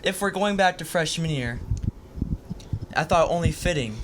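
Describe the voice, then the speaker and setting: A young man hosts a relaxed podcast with friends, reading out old quotes for them to guess. His voice sits a little high, and a faint hiss runs under the recording. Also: normal speed. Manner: reads out quotes as a quiz game. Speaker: podcast host. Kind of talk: casual chat.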